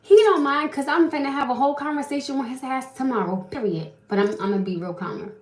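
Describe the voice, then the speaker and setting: Her voice high-pitched and fast, a young woman vents to her livestream audience while casually telling a story. The room is echoey, and she stays animated, addressing viewers directly.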